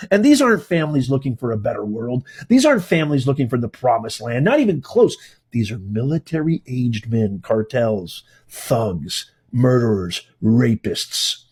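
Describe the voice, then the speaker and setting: Husky, heated high-voiced man ranting. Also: darkish tone. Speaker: host. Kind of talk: political commentary livestream.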